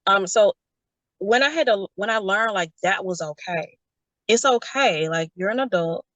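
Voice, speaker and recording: Brief: young adult woman, lively storyteller, dry close sound. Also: mid-range voice, normal speed, no room sound. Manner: animated storytelling, quotes others in character. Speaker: guest. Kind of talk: casual conversation.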